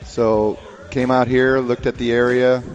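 A man's voice: medium pitch, level tone, a little slow, big-room sound, muffled recording, soft background music. A man from Montana, a brewmaster guest, answering radio interview questions in an easygoing way with many fillers.

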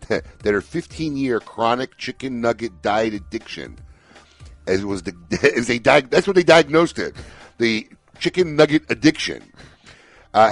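Lively, low-voiced radio co-host. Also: male voice. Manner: animated storyteller, reads news items with asides. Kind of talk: casual talk radio banter. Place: radio studio.

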